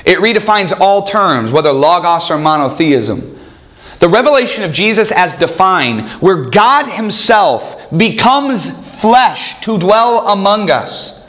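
Animated man preaching a sermon. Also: high-pitched. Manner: animated, acts out quoted voices.

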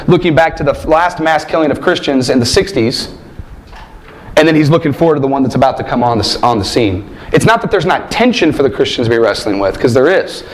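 A man teaching a Bible class, asking rhetorical questions and stressing points emphatically. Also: a little high. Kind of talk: classroom lecture.

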